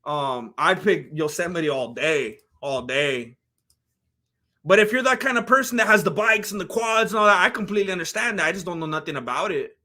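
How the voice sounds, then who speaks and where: A chatty Californian man with a high, bright voice and lively intonation talks briskly as a livestream fight commentator. He rambles casually while reading comments, leaning heavily on "like" and "you know."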